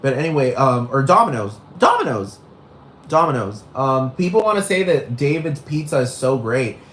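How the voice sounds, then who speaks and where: A man's voice: medium pitch, big pitch swings, normal speed, a bit bright, a little hiss or hum. A man performing a brash, gossipy young woman who goes on a rambling, profane rant in a comedic character monologue. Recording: roomy echo.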